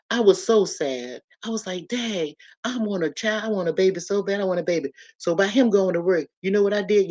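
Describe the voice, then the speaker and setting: A woman vlogger telling a personal story to her viewers in a casual, animated way, speaking straight to them and repeating phrases for emphasis. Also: sits low, muffled recording.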